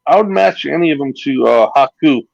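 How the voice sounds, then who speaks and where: Gravelly-voiced man telling wrestling stories. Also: fairly high pitch, expressive, fast, no echo, highs cut off. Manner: rambling anecdotes with acted-out quotes and laughs. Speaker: retired pro wrestler, guest. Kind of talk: casual storytelling interview.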